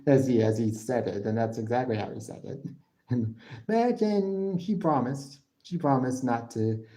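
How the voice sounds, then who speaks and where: A man's voice: mid-range voice, animated, measured pace, dark tone, poor audio. A man hosting a live-stream podcast, recapping casually in a rambling way and often repeating himself. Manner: rambling, restarts and repeats words, breaks off to answer chat. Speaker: podcast host.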